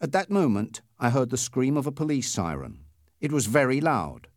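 A male audiobook narrator tells a first-person story with a very lively, swinging pitch and a mid-range voice. The recording is dry and close, with no room sound. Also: moderate pace, dry recording.

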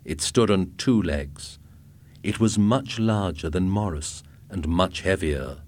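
A man narrating a story aloud in a steady reading voice. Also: deep voice, slow. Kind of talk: audiobook narration.

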